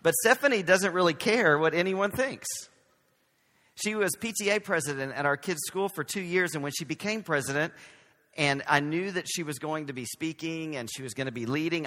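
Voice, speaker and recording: A man's voice: fairly high pitch, normal speed, pushed and bright, big-room sound. A man from Texas with a light Southern accent, preaching a conversational sermon as pastor, with self-deprecating humor. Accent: Southern American.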